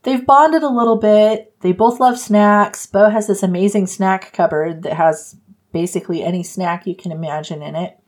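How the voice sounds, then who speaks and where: A woman's voice: mid-range voice, moderate pace, a little mellow. A woman hosting a book podcast, retelling the story in a casual chat and acting out quotes with frequent laughs.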